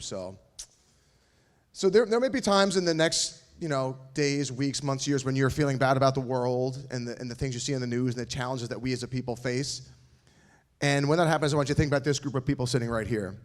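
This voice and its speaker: A man on stage at a school awards night, giving a speech to graduating students with jokes and encouragement. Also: mid-range voice. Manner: joking, encouraging, playful asides. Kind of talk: speech to an audience.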